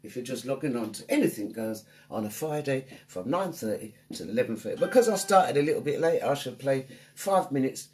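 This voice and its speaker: A woman's voice: extremely low pitch, lively intonation, a little fast, few pauses, a little mellow. A woman hosting a live online radio show, chatting upbeat and greeting listeners by name. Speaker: radio DJ and host.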